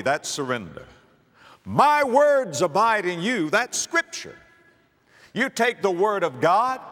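A man's voice: fairly high pitch, fairly bright tone. Emphatic preacher man in a reverberant hall. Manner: emphatic preacher, building repetition and rhetorical questions. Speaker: pastor. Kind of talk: sermon.

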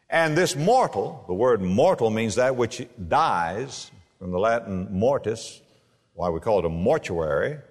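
A man preaching a sermon, rising to high emphatic peaks when he quotes scripture. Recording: long reverb of a large hall.

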